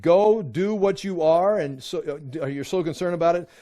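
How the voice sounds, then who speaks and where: A man leads a Bible study in an informal, animated way. His voice sits a little high, and he acts out the people he quotes, with his pitch climbing as they grow indignant. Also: moderate pace. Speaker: Bible teacher.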